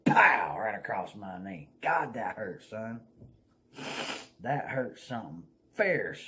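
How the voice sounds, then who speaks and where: A man with a Southern US accent telling a folksy, animated story in a casual vlog, laughing as he goes. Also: on the low side, slow, a little hiss or hum.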